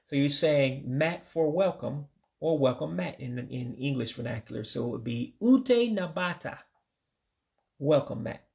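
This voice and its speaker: Male from the US, gravelly voice, runs a casual vocab lesson, slow patient repetition of each word. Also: medium pitch, animated, darkish tone. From United States. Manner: religious sign-offs. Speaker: language learner teaching vocabulary.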